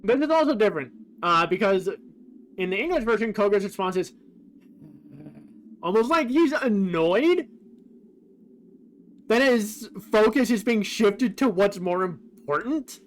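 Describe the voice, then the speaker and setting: A man's voice: high-pitched, animated, measured pace, pauses often, a little hiss or hum. A man streaming a game, casually thinking aloud and reading quoted lines in a plain voice. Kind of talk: casual commentary on a game's translation.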